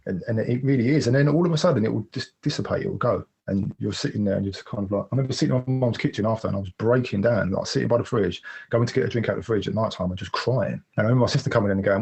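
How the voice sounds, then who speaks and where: A man telling a personal story as a podcast guest, rapid and vivid, with frequent restarts. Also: fairly low pitch, gravelly, darkish tone, slightly rough.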